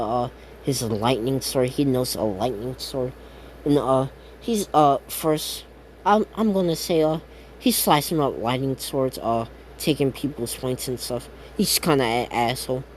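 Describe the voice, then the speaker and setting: A man's voice: mid-range voice, a little hiss or hum. A man making up a fan-fiction story as he goes, rambling with many fillers, restarts and casual swearing. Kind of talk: improvised fan-fiction narration.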